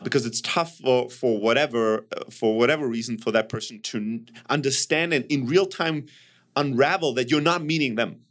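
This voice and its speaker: Give me a man in an easygoing podcast chat whose voice sits mid-pitch. He talks with animated energy and turns emphatic, with the odd swear. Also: normal speed. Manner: animated, swears when emphatic, acts out quoted people. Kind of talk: casual conversation.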